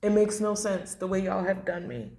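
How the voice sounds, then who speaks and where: A woman's voice: mid-range voice, animated, moderate pace, mellow. A woman doing a blunt, emotional tarot reading to camera, repeating phrases and swearing. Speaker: tarot reader. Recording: echoey room.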